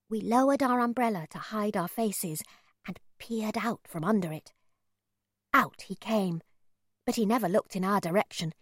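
A woman narrating a first-person children's story in an expressive, measured reading. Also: mid-range voice, husky, no room sound, studio quality. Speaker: audiobook narrator.

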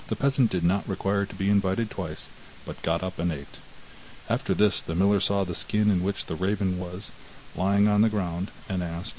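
A man narrating a fairy tale from a script in a measured, even way. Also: low-pitched, slight background noise, rough recording. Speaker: storyteller.

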